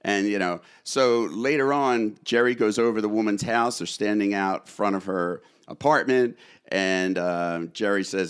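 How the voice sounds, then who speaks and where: A man's voice: lowish voice, moderate pace, smooth. A man who is a guest on a podcast, retelling favorite TV scenes in a rambling, chatty way. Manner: rambling storyteller, retells scenes with acted quotes. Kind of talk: casual podcast chat.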